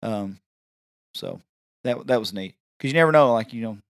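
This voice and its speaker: A man's voice: mid-range voice, expressive, normal speed, clear, resonant tone, no echo, studio quality. Rambling man telling stories. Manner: rambling, with many restarts and fillers. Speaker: podcast co-host. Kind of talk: casual storytelling chat.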